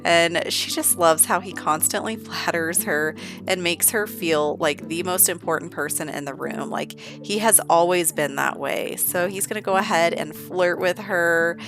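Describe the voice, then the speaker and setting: A young woman with a lowish voice, narrating a life-sim game with gushing enthusiasm. Casual, chatty commentary over faint background music. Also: measured pace. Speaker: gaming channel host.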